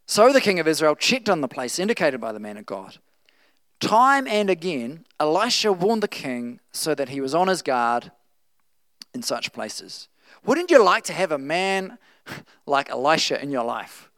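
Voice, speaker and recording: A man preaching a sermon, reading scripture and acting out the quotes with playful, animated asides. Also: fairly high pitch, measured pace, no room sound.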